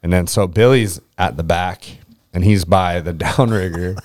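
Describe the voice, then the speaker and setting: A man's voice: low-pitched, normal speed, a little mellow. A young man telling a story in casual chat. He swears often, says "like" a lot and acts out his friends' lines. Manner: swears often, heavy use of "like".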